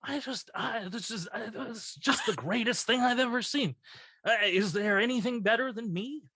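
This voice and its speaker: A man doing an impression of an older TV star, pausing and halting as he brags about himself. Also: extremely high pitch, bright, forceful tone, slightly rough, pitched above the performer's own voice, full character voice. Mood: self-admiring. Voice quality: halting, pausing delivery with vain boasts. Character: aging male TV star, grandly self-adoring.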